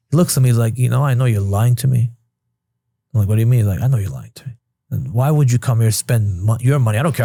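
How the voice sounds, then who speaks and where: A man's voice: medium pitch, warm tone, no echo, clean studio sound. A man in his thirties from Queens, New York, a podcast guest telling his life story candidly and casually, swearing freely and acting out past conversations. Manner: blunt, swears freely, retells scenes with quoted dialogue.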